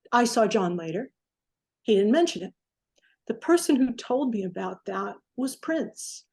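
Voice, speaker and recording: Mellow-voiced woman telling a story. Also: on the high side, unhurried, gravelly, breathy edge. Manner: animated storyteller, acts out quotes. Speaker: guest, recording engineer. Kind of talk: storytelling in an interview.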